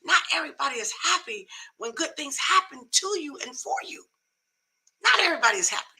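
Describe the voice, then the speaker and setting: A woman's voice: sits high, sing-song, fairly quick, sharp tone, poor audio. A middle-aged woman hosting a live talk show, giving emphatic, folksy advice in a casual, preachy way.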